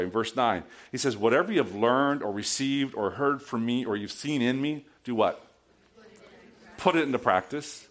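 A medium-pitched man preaches from a church sanctuary, putting questions to his congregation. His delivery moves from hushed, prayerful moments to sudden loud shouting.

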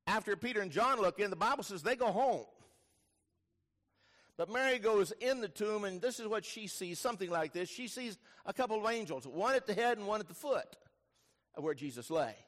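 A male pastor preaching a sermon, telling the story vividly, dropping to hushed lines and rising to loud bursts. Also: sits high, animated, normal speed. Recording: long reverb of a large hall.

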